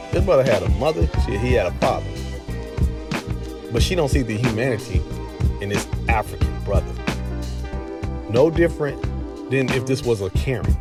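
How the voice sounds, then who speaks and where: A male host delivering a heated opinion monologue with a preachy, emphatic tone and a sing-song lilt. He repeats phrases for effect while a clear music bed runs underneath. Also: mid-range voice, lively intonation, normal speed, pauses often. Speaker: commentary channel host.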